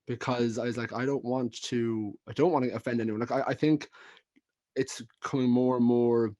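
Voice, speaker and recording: A man's voice: medium pitch, fairly even intonation, moderate pace, mellow. An Irish man who is a podcast guest, talking casually and rambling with frequent restarts. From Ireland. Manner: rambling, lots of restarts and fillers. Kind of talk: casual chat.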